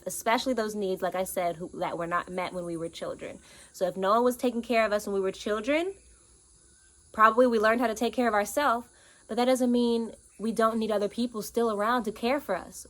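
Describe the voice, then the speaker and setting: A woman coaching on inner child healing, talking to camera outdoors in an earnest, animated way with lively quoted asides. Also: mid-range voice. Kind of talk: casual teaching monologue. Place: outdoors in nature with birds and bugs.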